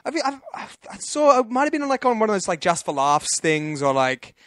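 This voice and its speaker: A man with a high voice co-hosts a casual comedy podcast, talking a little fast as he tells animated stories and laughs often. The recording is dry and studio quality.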